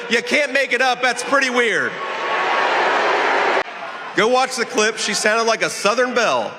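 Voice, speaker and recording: A man giving a rousing rally speech in a large arena, some lines shouted. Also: high voice, background noise. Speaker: political rally speaker. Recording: long arena reverb.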